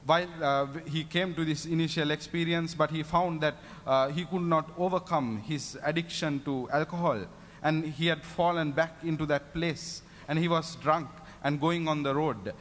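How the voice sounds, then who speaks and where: A man's voice: on the high side, steady tone, moderate pace, a bit bright. A man preaching a sermon at a prayer meeting, fervent and given to repeated hallelujahs. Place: prayer meeting in a reverberant hall. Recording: long hall reverb.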